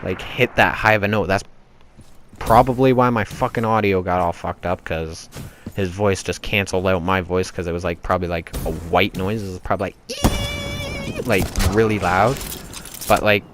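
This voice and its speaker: A man's voice: low voice, steady tone, normal speed, background noise. A man narrating his gameplay in a casual, profane, exasperated rant that rambles on.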